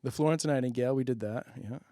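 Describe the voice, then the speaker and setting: A man's voice: mid-range voice, fast talker, warm tone, no room sound, studio quality. A man hosting a public-access comedy show, rambling through jokes, laughing at his own bits and asking if they land. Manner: loose, rambling, many fillers. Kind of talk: rambling comic monologue.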